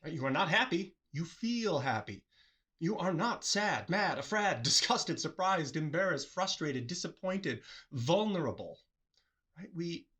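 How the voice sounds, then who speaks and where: Hosting a reflective solo talk, this man speaks in a mid-range voice that is a bit bright and slightly rough. He's earnest, keeps putting questions to the listener, and frequently performs short quoted replies in a livelier voice.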